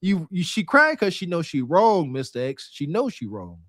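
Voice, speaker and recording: A male podcast co-host agrees with his partner and drifts into reflective stories of his own. His voice is notably high and sounds dry and close. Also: wildly swooping pitch, normal speed, a bit bright, no echo. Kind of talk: reaction commentary and storytelling.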